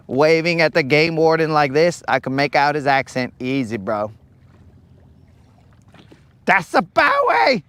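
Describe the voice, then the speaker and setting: A man hosts a live fishing stream from a boat on a lake, chatting with viewers in a laid-back, slangy way and greeting people from the chat. His voice is medium-pitched with no echo.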